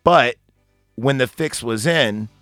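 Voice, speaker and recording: A man's voice: medium pitch, slow pace, fairly bright tone, no echo, studio quality, faint music behind. A man hosting a casual podcast about a film, rambling, swearing often and laughing easily. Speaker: podcast host.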